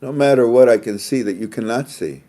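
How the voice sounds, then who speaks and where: A man's voice: mid-range voice, brisk, dark tone. A man hosting a casual monologue, rambling and repeating his phrases, with frequent laughter. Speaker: host.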